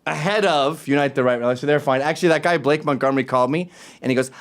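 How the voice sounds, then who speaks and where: A man hosting a talk show, ranting in an animated, sarcastic way, jumping between loud remarks and muttered asides. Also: mid-range voice, rapid-fire. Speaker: show host. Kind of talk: opinionated talk-show rant.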